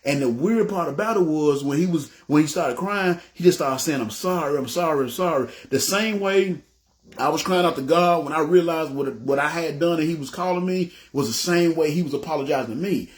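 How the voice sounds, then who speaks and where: A man's voice: on the high side, a little fast. A man with a Southern US accent telling his personal testimony, acting out the dialogue and often checking in with his listeners. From Memphis, US South. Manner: animated, acts out dialogue, keeps saying "you know what I'm saying". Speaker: ministry leader giving testimony.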